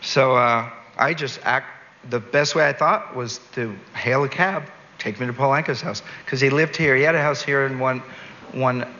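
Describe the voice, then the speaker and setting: A Canadian man in an interview, telling a rambling, animated story and laughing at his own jokes. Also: mid-range voice, moderate pace. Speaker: entertainer and guest. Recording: dull recording with long reverb, faint noise.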